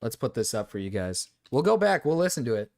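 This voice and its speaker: A man's voice: mid-range voice, very animated, fast, darkish tone. Laughing man reacting on stream. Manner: laughs often, swears, repeats himself. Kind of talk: casual reaction commentary.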